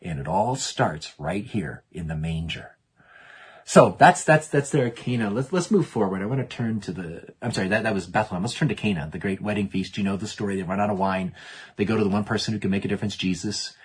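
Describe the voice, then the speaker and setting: A man's voice: on the low side, brisk, slightly rough. A man preaching a sermon in an earnest way, often repeating words as he restarts and acting out the quotes.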